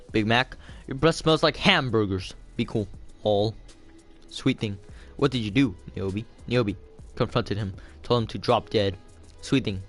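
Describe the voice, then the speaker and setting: A man reading a novel aloud for homework, casual and loose, stopping to add his own comments. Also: medium pitch. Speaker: reader of a novel.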